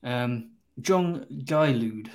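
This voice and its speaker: A man co-hosting a casual film chat, blunt and dry, with crude jokes and hesitant pauses. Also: mid-range voice, animated, a little mellow.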